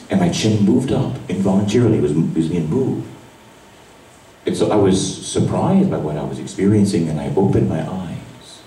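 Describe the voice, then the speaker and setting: A man, a priest, giving an emotional sermon that drops to a hush and rises to cries. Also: sits low, a little hiss or hum. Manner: emotional testimony, voice swinging from hushed to cries. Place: large church at a retreat Mass. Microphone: far camera recording. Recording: echoey church from far off.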